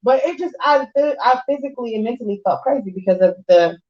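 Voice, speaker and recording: A woman co-hosting a casual chat, telling relationship stories with lively acted-out quotes and frequent laughter. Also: fairly high pitch, brisk, echoey room, highs cut off, heavy background noise. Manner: animated storyteller, acts out quotes, laughs often. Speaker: podcast co-host.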